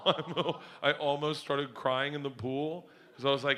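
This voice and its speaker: A man's voice: medium pitch, steady tone, unhurried, background noise. A middle-aged man doing rowdy, profane stand-up storytelling on a comedy stage.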